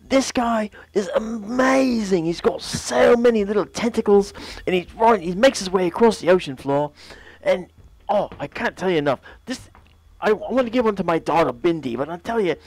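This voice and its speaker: A man's voice: animated, normal speed, no echo. A man putting on a gushing Australian wildlife presenter. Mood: gushing, thrilled. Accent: put-on Australian. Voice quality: high, breathless enthusiasm.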